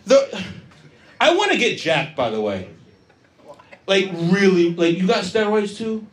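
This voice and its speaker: A man's voice: sits high, big pitch swings, unhurried. A man doing profane, brash crowd-work stand-up comedy on stage. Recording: live club audience. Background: crowd laughter.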